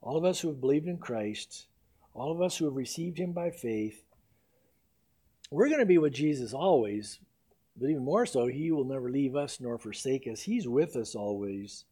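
A man preaching a sermon, reading scripture with rising intensity and dropping to a soft, intimate tone to drive points home. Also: medium pitch, lively intonation, moderate pace, breathy edge. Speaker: pastor.

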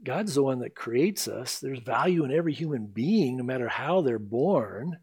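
A man preaching a sermon as pastor, emphatic, slowing down to stress scripture and swinging his voice up and down. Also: mid-range voice, lively intonation, darkish tone, husky.

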